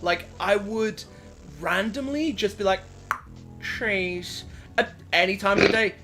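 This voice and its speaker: A man's voice: high voice, moderate pace, bright, forceful tone, faint music behind. A man on a casual chat show, telling stories with giggly, swearing banter. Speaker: co-host.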